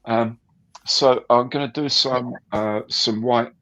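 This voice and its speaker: A man's voice: medium pitch, fairly even intonation, slow pace, a bit bright, a little hiss or hum, low-quality recording. A man hosting a casual live stream, chatting and greeting viewers by name.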